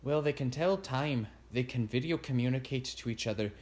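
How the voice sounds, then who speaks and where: A man's voice: mid-range voice, moderate pace, a little mellow, pitched above the performer's own voice, close to an everyday voice. A man voicing a small, careful Scottish woman inventor with a thick Scottish accent, in a storybook reading. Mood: practical. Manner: careful, dry, thrifty.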